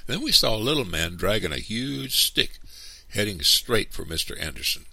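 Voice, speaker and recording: A man reading a storybook aloud in a lively, animated way. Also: lowish voice, normal speed, gravelly, no room sound. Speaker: storybook reader. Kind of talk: expressive read-aloud narration.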